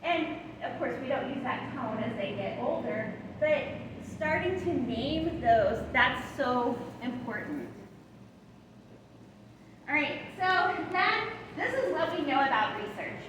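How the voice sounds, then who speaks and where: Speaking slowly and expressively in a high voice, a woman gives a training talk on attachment to foster and adoptive parents in a large hall, tagging lines with "right?" and "all right?" and acting out soothing words to a child. A distant room mic captures her, so the recording is echoey and noisy.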